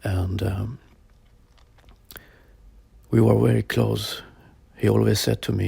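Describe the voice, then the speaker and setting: A man in his forties recounts a personal experience slowly and haltingly, pausing often. His low voice is heavily gravelly, dark and husky. He keeps his phrasing plain and simple. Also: flat delivery, no echo. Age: 40s. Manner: halting, plain phrasing with frequent pauses and fillers. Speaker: storyteller sharing a personal experience. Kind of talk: personal spoken account.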